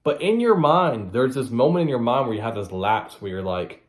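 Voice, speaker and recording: A man's voice: medium pitch, expressive, normal speed, echoey room. Blunt, profane man hosting a solo podcast. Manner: blunt, profane and repetitive for emphasis. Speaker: podcast host. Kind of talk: solo motivational podcast monologue.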